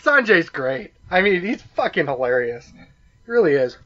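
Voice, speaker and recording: A man's voice: on the high side, very animated, normal speed, pushed and bright, muffled recording. A man co-hosting a wrestling podcast who explains backstory casually, swearing now and then. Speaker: podcast co-host. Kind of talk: casual chat watching wrestling.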